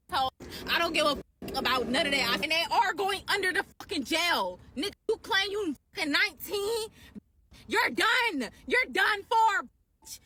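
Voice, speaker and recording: A young woman ranting angrily to camera after being scammed, heated and profane, sometimes shouting. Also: very high voice, a little hiss or hum. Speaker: scam victim in a posted clip. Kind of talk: angry rant to camera.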